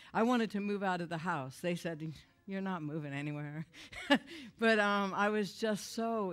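A middle-aged woman giving an earnest, animated testimony to a church audience, her storytelling rising and falling with feeling. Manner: earnest, animated storytelling, voice rising when angry and dropping low when moved.

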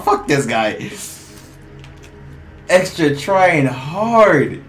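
A man giving casual gameplay commentary, excitable and trash-talking, laughing often and yelling at opponents. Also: high voice, very slow, long pauses, over music. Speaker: gamer streamer.

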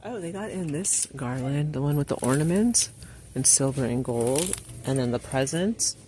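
A woman's voice: low-pitched, animated, moderate pace, mellow, a little hiss or hum. Chatty woman filming in a store. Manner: chatty, gushing over items, reads card greetings aloud. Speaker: shopping vlogger. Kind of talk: casual shop-with-me narration. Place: inside a large store.

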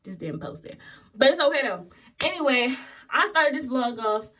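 Young adult woman, casual daily vlogger, chatty and relaxed, close to the mic. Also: high-pitched, moderate pace. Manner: chatty, loose, lots of "um" and "y'all". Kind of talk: casual vlog chat. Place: at home, then out running errands. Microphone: phone or camera held close.

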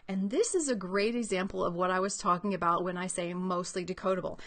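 A woman's voice: mid-range voice, steady tone, brisk, hardly any pauses, a bit bright. A woman reading educator giving an upbeat, explanatory teaching talk about children's books, thinking aloud as she goes.

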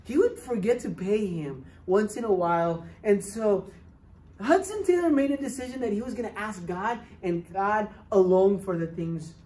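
A woman telling a missionary story to children at church, with animated and dramatic shifts in loudness. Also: medium pitch, moderate pace.

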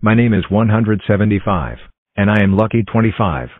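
A cheerful male number block from a cartoon, voiced by a man, states his name in a flat announcing way. The voice sits low. The sound is tinny and phone-like, with no room echo. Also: a little fast. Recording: tinny dry lo-fi audio.

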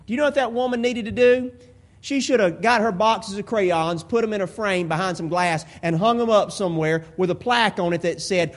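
A man preaching a sermon as pastor, repeating phrases and building into drawn-out, impassioned declarations. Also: high voice, expressive.

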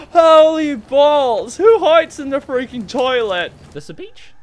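Shrieking high-voiced man playing horror games. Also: huge pitch swings, slow. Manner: shrieks, swears and jokes at jump scares. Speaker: gaming video creator. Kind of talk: horror game commentary. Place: home recording setup with a green screen. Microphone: desk microphone. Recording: noisy home game recording.

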